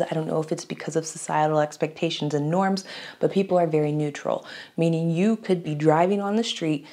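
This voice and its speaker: A young woman from Florida talks straight to her audience in a relaxed vlog style. Her voice sits a little low, and she keeps things light with playful asides and frequent laughter. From United States (Florida). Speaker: YouTube vlogger. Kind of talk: casual chat to camera.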